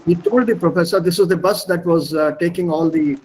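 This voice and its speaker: Man, Indian accent, language teacher, high voice, patient lecturing, spells words out. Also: brisk, darkish tone, a little hiss or hum, rough recording. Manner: explanatory, repeats and spells out words, fillers. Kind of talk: online class lecture. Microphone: video call.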